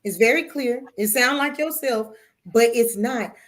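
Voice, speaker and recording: A woman's voice: fairly high pitch, a little slow. A woman hosting a spiritual talk show, speaking emphatically and a little preachily, with playful cursing and calling listeners "baby".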